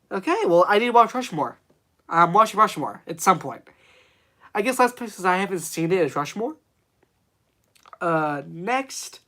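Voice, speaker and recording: A man's voice: high-pitched, big pitch swings, unhurried, pauses often, pushed and bright. A man hosting a casual live stream about movies, rambling with many fillers and reading chat questions aloud. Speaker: streamer host.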